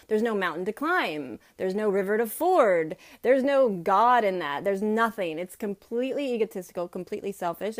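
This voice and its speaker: Earnest woman coaching homeschool parents. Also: medium pitch. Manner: earnest, coaching, acts out little quoted voices. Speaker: homeschooling vlogger. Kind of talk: casual livestream talk. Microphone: phone camera.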